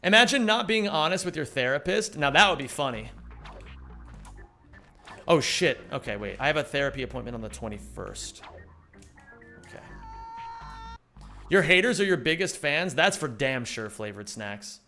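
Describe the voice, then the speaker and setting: A man's voice: a little high, animated, normal speed, long pauses, sharp tone, soft background music. A young man live-streaming a game, chatting casually and rambling, swearing often and reading chat aloud.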